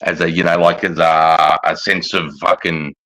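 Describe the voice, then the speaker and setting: A man's voice: deep voice, level tone, normal speed, a bit bright, poor audio. An Australian man in casual chat, swearing freely and calling his friend mate and bro. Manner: blokey, swears a lot, calls listener mate and bro. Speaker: podcast co-host.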